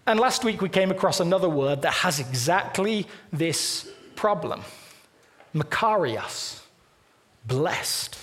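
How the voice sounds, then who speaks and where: A man preaching a sermon in a church, talking in a conversational, animated way and acting out little quoted lines. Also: sits high, moderate pace, hardly any pauses. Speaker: pastor. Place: church auditorium.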